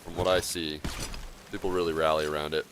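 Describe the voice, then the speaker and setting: Male game streamer, low pitch, casual rambling chat with frequent laughs, faint noise behind. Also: level tone, a little fast. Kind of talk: live gameplay commentary and chat.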